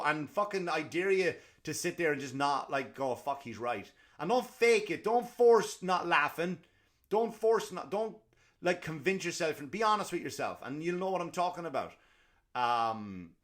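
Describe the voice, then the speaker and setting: A young man hosting a comedy podcast, ranting in a rambling, profane, animated way, full of restarts and put-on quotes. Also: fairly high pitch.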